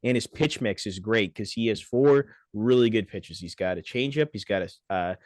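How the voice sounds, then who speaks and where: Young dude on a sports podcast, low voice, swears a lot, dry close sound. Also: male voice, normal speed, dry recording. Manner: excitable, swears freely, drifts into mock voices. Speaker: podcast co-host. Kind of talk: casual sports chat.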